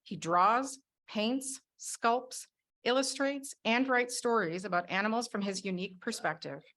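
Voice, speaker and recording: A woman on an award selection team presenting prepared remarks in a measured, read-aloud manner. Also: fairly high pitch, a bit bright.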